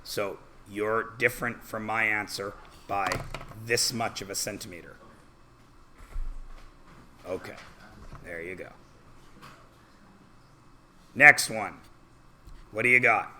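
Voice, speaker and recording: A man's voice: lowish voice, steady tone, takes it slowly, long pauses, bright, forceful tone, slight background noise. A male math teacher reviewing algebra in a classroom, working through problems step by step and quizzing students as he goes. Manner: walks students through steps with questions.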